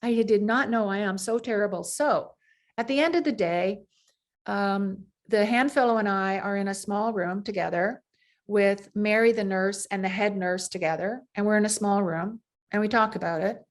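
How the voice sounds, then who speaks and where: A woman's voice: mid-range voice, normal speed. Woman surgeon telling workplace stories. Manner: rambling anecdotes with frequent fillers and restarts. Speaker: surgeon, interview guest. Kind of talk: conversational storytelling.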